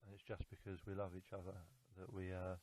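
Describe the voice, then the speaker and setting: A man's voice: sits low, monotone, fast, a little mellow. A young man recording a heartfelt love message to his girlfriend, earnest and repetitive, stumbling over fillers. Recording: tinny phone-like recording.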